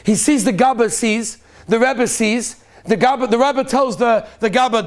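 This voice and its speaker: Rabbi, man, high voice, lively teaching storyteller who swells to near-shouts. Peppers English with Yiddish. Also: moderate pace. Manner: animated storyteller, rising to near-shouts at peaks; mixes Yiddish and Hebrew terms into English. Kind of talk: Purim sermon with storytelling.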